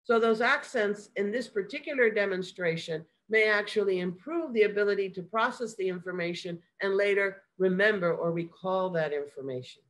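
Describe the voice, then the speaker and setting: A woman giving a measured, explanatory academic lecture as a guest lecturer. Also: medium pitch, rough recording. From United States.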